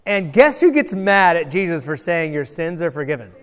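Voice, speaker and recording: A male pastor telling a Bible story to children in a playful, animated way, asking the kids questions and acting out voices. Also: on the high side, normal speed, clear, resonant tone. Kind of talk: lively children's sermon with audience participation. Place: large church hall. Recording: long church hall reverb.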